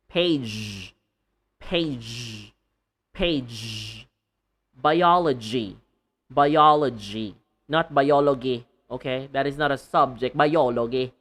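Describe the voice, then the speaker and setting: A man teaching English pronunciation, slowly repeating words one by one and joking between them. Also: medium pitch, fairly bright tone, a little hiss or hum. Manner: slow deliberate repetition of words, playful and laughing. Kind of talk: pronunciation lesson.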